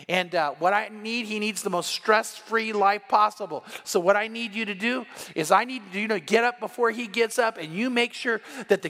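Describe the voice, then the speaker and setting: Man, pastor, high bright voice, sermon told as a story, long hall reverb. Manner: retells a story, acting out the lines of each person in it.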